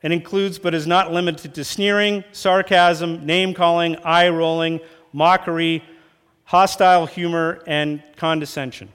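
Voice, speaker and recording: Pastor preaching in a reverberant hall. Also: male voice, on the high side, a little slow, clean tone. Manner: lively, acts out quarrels in raised voices. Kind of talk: sermon. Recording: long church hall reverb.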